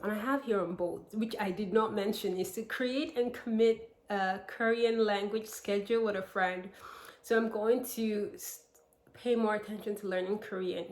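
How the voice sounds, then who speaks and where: A young American woman vlogging, chatting to her viewers in a rambling way with lots of fillers and restarts. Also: medium pitch. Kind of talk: casual chat to camera. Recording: echoey room.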